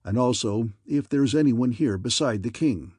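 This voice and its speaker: Man reading a calm, resolute American warrior. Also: medium pitch, moderate pace, slightly rough, lightly acted. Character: bold young male American warrior, calm.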